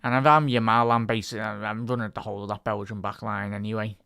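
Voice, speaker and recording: A man's voice: on the low side, steady tone, quick pace, creaky, sharp tone, clean tone, dry recording, studio quality. A man doing live football commentary on a stream, chatting with his viewers between bursts of play-by-play that lift on attacks. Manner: rises and speeds up on attacking moves. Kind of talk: casual live match commentary.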